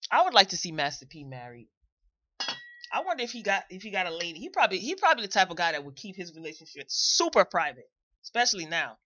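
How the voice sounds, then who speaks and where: A woman's voice: fairly low pitch, sing-song, fast talker, sharp tone, no echo, dull audio. A woman hosting a live commentary show, talking straight to her viewers and repeating phrases for emphasis. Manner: chatty, addresses viewers directly. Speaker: host.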